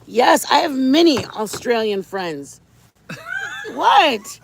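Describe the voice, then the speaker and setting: Brief: middle-aged woman livestreamer, gravelly, slightly high, chatty and rambling. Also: slow, slight background noise. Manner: rambling, animated storytelling, shouts greetings to viewers. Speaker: livestream host. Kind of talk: casual chat with viewers.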